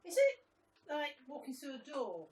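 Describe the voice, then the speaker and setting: A woman's voice: high-pitched, huge pitch swings, moderate pace, a little mellow, slight background noise. A woman in the audience asking the speaker a question. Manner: asks questions from the floor. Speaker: audience member. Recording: echoey, distant, faint ambience.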